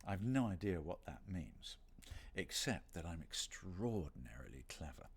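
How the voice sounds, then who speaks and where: Deep, animated, rambling middle-aged man. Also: measured pace, breathy edge. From Britain. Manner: rambling, playful, self-deprecating. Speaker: voice actor hosting a signing stream. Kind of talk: casual livestream chat.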